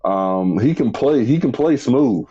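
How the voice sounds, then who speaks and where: Male co-host, low mellow voice, easygoing delivery, lo-fi mic. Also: expressive, a little slow. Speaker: podcast co-host. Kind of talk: casual chat. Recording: dull lo-fi mic.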